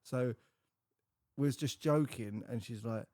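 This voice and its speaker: A man's voice: medium pitch, unhurried, darkish tone, no room sound, clean studio sound. A man co-hosting a podcast, telling family stories in casual, sweary chat and imitating relatives. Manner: swearing, storytelling, mimics family voices. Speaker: podcast co-host.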